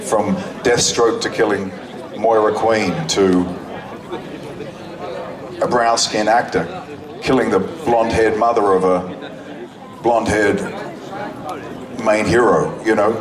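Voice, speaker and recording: Slow and pausing often, this man speaks in a lowish, fairly even voice. He's an actor on a sunny outdoor convention stage, thoughtfully telling stories to a live audience in long sentences that wander and restart, with fans audible in the echoey, distant recording.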